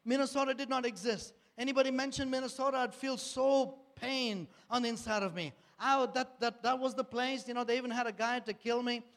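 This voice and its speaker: High-voiced man testifying in an echoing hall. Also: steady tone, fairly quick, hardly any pauses, a bit bright. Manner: earnest, repeating phrases and rhetorical questions. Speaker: speaker giving a personal testimony. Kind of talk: church testimony talk. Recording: long hall reverb.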